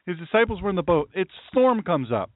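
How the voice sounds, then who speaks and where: A man's voice: high-pitched, very animated, brisk, dry recording. A man preaching a sermon as a pastor, stressing his warnings and reading scripture aloud. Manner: emphatic, repeats warnings and scripture. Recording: tinny phone-like dry sound.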